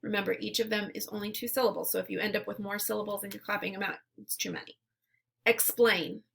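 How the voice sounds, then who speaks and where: A woman teacher leading a phonemic awareness lesson, saying words and sounds slowly and clearly, with short words of encouragement between drills. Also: medium pitch, steady tone, fairly bright tone, a little hiss or hum. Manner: slow, clearly enunciated drills.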